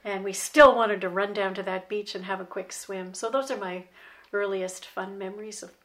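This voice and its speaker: A woman's voice: medium pitch, fairly even intonation, normal speed. An older woman from Canada, an interview guest, recalling childhood summers with frequent light laughter. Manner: warm nostalgic recollection, laughs often. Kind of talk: reminiscing storytelling.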